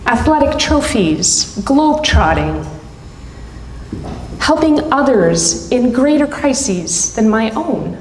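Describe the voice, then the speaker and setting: Middle-aged woman storyteller, unhurried and pausing, heard in a roomy hall with a long reverb tail. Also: on the high side, very animated, a little hiss or hum. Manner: deliberate, dramatic pauses between short phrases. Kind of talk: live storytelling performance. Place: stage at a live event hall.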